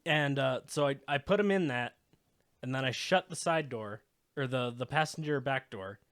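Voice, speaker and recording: Dry, studio-quality audio captures a man of medium pitch with a fairly bright tone, speaking at a moderate pace. As a podcast co-host, he rambles through casual stories, swearing often.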